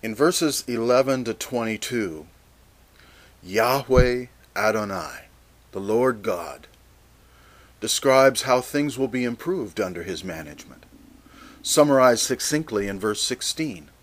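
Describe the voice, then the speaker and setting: A man preaching a Bible teaching sermon, measured and deliberate, reading scripture passages aloud. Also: mid-range voice, expressive.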